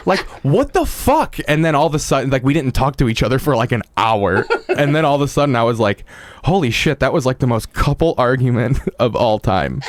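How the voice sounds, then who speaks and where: A man guesting on a podcast, telling stories in casual chat with an animated manner and plenty of casual swearing. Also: medium pitch, a little fast, dry recording, studio quality.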